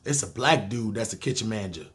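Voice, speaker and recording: A man's voice: lowish voice, lively intonation, quick pace, fairly bright tone. A man with a New York accent telling a long personal story in a casual, profane, streetwise way, acting out other people's lines. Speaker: storyteller, podcast host.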